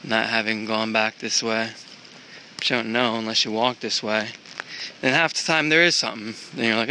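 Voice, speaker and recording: Guy vlogging outdoors, bright voice, kinda rambly, swears a bit, some faint outdoor hum behind. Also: fairly low pitch, steady tone, moderate pace. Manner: rambling, thinks aloud, swears casually. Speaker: traveler filming a walk. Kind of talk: casual vlog narration. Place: outdoor park.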